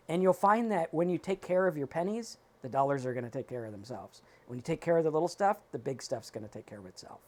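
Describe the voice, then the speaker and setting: Animated man giving casual advice. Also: a little high, quick pace, hardly any pauses. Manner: animated, emphatic, talks in quoted self-talk. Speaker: podcast co-host.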